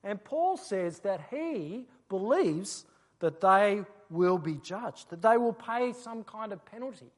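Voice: mid-range voice, lively intonation, slow pace. A preacher giving an expository sermon, explaining a passage and asking rhetorical questions.

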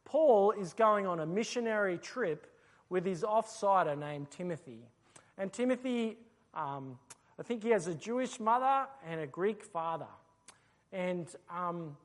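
A preacher giving an expository sermon, explaining a passage and asking rhetorical questions. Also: mid-range voice.

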